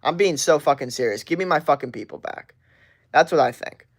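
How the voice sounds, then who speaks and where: A man's voice: on the high side, lively intonation, fairly quick. A young man streaming from his bedroom, venting in a profane, frustrated casual rant. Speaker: live streamer.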